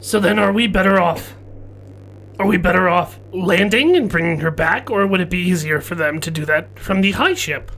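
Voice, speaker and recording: A player in a tabletop game, asking calm, practical questions. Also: mid-range voice, normal speed.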